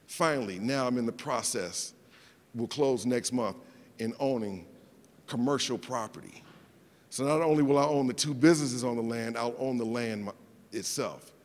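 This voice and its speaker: A middle-aged man, a guest speaker, telling personal stories in an animated way, often repeating words and acting out the people he quotes. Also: mid-range voice. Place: event hall. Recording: long hall reverb.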